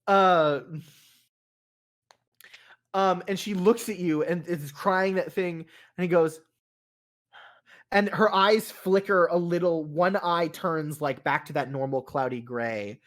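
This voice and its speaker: A man's voice: a little high, slow, pauses often. A man narrating a tabletop role-playing game as game master, casual and rambling, with many fillers and restarts.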